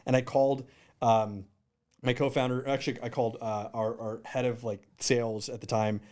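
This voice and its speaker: A man's voice: medium pitch, moderate pace. A man in his thirties, a startup founder, telling stories casually in an interview and acting out what people said. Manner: animated, acts out quotes in raised voices.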